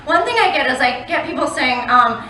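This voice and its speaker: A woman's voice: high-pitched, lively intonation, fairly quick, slight background noise. A woman doing a stand-up comedy set on a club stage, chatty and profane as she confides in the crowd. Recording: roomy live club sound from a distant mic, loud crowd.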